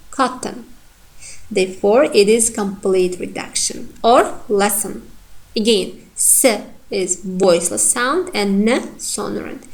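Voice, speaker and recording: Slow-talking woman teaching phonetics. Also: mid-range voice. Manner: slow, careful, repeats example words twice. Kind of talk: lecture on vowel reduction.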